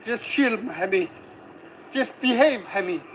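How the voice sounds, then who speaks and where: A man's voice: sits high, lively intonation, a little slow, noisy background. A man chatting casually outdoors on a street, teasing and swearing in a mock-grumpy way. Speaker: vlog companion. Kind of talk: casual joking chat.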